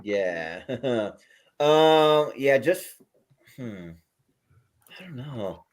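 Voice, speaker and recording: A man's voice: medium pitch, lively intonation, extremely slow. A man on a casual podcast panel who laughs often as he talks.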